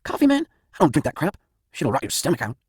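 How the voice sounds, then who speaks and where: A man's voice: fairly high pitch, huge pitch swings, fast talker, slightly rough, no echo, studio quality, pitched above the performer's own voice, exaggerated voice. A man voicing a nervous, slangy young male friend who uses drugs. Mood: impatient. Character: jittery young male drug-using buddy, slangy.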